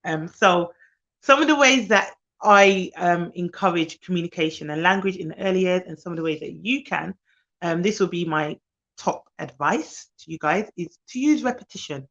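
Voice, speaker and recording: A woman who works as a nanny gives chatty, fast-talking advice on a live stream while tired. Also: fairly low pitch, fairly bright tone, lo-fi sound.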